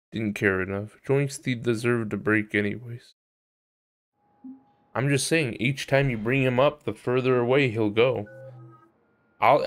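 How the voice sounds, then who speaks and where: A man's voice: medium pitch, clear, resonant tone. A young man streaming a video game, chatting casually with profane jokes and frequent laughter. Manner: profane, joking, laughs often. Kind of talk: casual live gameplay commentary.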